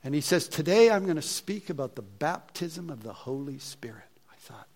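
Male preacher, slightly high voice, animated storyteller with hushed asides. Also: moderate pace. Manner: animated, acts out his own thoughts, drops to hushed asides. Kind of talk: storytelling sermon.

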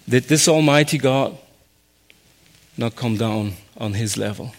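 A man speaks at an ordinary mid-range pitch as he shares a personal faith story. He is earnest and a little halting, restarting his sentences and slipping in short laughs as he goes. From raised in a Muslim family. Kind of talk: personal testimony talk.

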